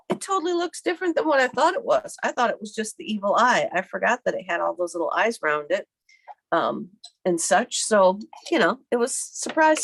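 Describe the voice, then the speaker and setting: A woman hosting a live card-making tutorial from her home craft desk, chatty and rambling as she thinks aloud, her voice a little hoarse from a cough. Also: a little high, fairly bright tone. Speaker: card-making livestream host. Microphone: computer webcam mic at her desk.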